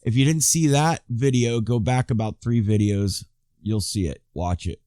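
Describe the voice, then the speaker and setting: Man, 50s, YouTube commentator; rambling, self-correcting delivery, mid pitch, dry room. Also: moderate pace, warm tone, no room sound. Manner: rambling, with frequent restarts and asides to viewers. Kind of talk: casual commentary reading viewer emails.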